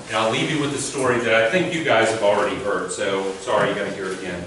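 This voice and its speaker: A man's voice: lowish voice, steady tone, fast, few pauses. Chatty man telling stories in an echoey room. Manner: chatty, amused, laughs through anecdotes. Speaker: teen court coordinator. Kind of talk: storytelling talk to teens and parents. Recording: echoey room from far off with faint noise.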